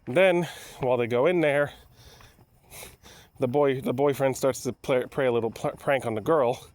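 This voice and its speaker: A man's voice: medium pitch, moderate pace, darkish tone. A man giving a casual, rambling movie review full of restarts and asides.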